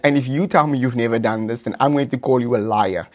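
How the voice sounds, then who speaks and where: A South African man hosting a podcast, telling a story with camp flair and lots of repeated phrases. His voice sits at a middling pitch. He talks casually and with animation. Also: fast, a little mellow. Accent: South African English. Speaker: podcast host.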